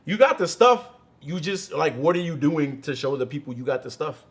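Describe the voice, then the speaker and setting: A man's voice: on the high side, sing-song, normal speed. A man co-hosting a podcast in casual, profane chat, emphatic and encouraging. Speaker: podcast co-host.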